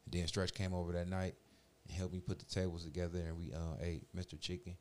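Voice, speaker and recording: This man in his forties has a low voice and talks fast, recounting a long story in casual chat. He peppers it with slang and curses and animatedly mimics the other people in it.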